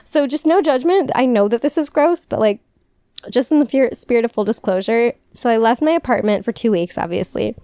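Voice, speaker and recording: A woman's voice: fairly high pitch, brisk, mellow, dry recording, studio quality. A young woman from the Chicago area hosting a podcast, chatting casually and confessionally, joking at her own expense and laughing often. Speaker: podcast host.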